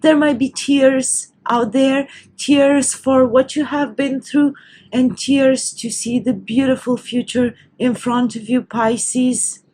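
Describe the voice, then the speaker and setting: A woman's voice: high-pitched, fairly even intonation, takes it slowly, a little mellow, low-quality recording. A woman giving a tarot reading to camera, her voice emotional and teary as she nears crying. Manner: tearful, overcome with emotion. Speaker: tarot reader.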